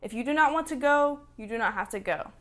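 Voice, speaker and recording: A woman voicing a calm, reasonable man ship captain who speaks gently and reassuringly. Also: high-pitched, fast.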